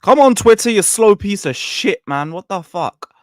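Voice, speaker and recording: Young streamer, animated and sweary; lively pitch, dry close sound. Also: male voice, normal speed, no echo. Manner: animated, mocking, swears freely, swings between loud and muttered. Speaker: football channel host. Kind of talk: casual livestream rant.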